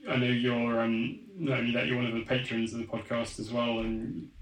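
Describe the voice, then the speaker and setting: A male podcast host with a level, even voice, speaking in a roomy, echoing space. He chats easily and thanks his guest. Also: mid-range voice, fairly quick. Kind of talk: casual interview chat.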